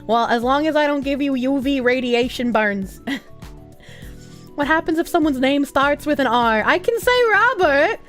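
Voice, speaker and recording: A woman with a Boston accent, streaming and reading her chat aloud, animated and full of crude jokes and frequent laughter. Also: high-pitched, moderate pace, soft background music.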